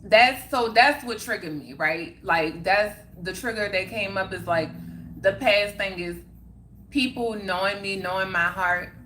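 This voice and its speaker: Bright-voiced woman chatting on a livestream. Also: mid-range voice, a little slow, slight background noise. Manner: emphatic and repetitive, circling back on points. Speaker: livestream host. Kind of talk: casual livestream chat, answering viewer comments.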